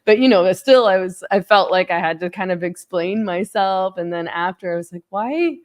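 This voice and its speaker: A woman's voice: lowish voice, normal speed, no room sound, studio quality. A woman in her forties hosting an interview, telling a story casually with lots of fillers and laughs. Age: 40s. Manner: chatty, many fillers, animated laughs. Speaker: podcast host.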